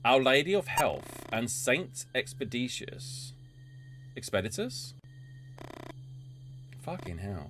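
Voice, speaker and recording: With game music behind him and slight background noise, a man streams a story game, reading narration evenly before breaking off to chat and swear about the action. His mid-range voice is very animated and a bit bright, though he's unhurried and leaves long pauses.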